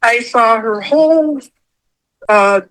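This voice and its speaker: A middle-aged woman telling her own story as a podcast guest, acting out what she said in a high, animated voice. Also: slow pace, low-quality recording. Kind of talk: casual storytelling interview.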